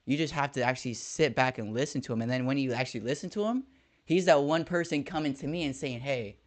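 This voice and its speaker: On a casual podcast, a young man who teaches first graders tells an animated story, fast and medium-pitched, tossing in slang like "dog."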